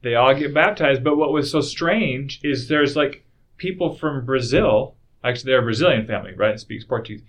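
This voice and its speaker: A man's voice: medium pitch, moderate pace. A man hosting a casual interview in a friendly, conversational way. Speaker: host.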